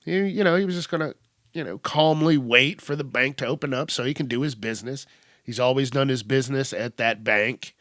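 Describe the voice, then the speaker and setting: A young man hosting a podcast, retelling a news story in a profane, animated way and acting out the quotes. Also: mid-range voice, fairly quick, no room sound, studio quality. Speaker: podcast host. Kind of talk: casual news commentary.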